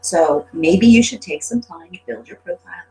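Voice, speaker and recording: Expressive, frank-talking woman. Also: fairly low pitch, moderate pace, faint music behind, poor audio. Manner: expressive, frank, swears freely. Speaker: guest. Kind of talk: casual chat.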